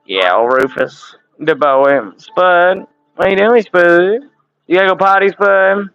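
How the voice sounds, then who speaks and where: Guy in his 30s on a home livestream, cussing and laughing, kinda high voice, muffled lo-fi sound. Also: slow pace, a bit bright, soft background music. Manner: profane, laughing, loose banter. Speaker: livestream host. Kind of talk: casual livestream chat. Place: home room with window air conditioner.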